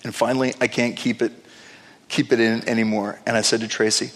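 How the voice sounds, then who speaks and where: A male pastor telling a story in a sermon, animated, with playful asides. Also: medium pitch, fairly quick. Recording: long reverb of a large hall.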